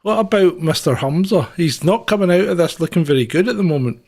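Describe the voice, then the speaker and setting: A man's voice: high voice, lively intonation, fast talker, a little mellow, breathy edge. A man from Scotland, co-hosting a casual news chat in an easygoing way and laughing often. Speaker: co-host.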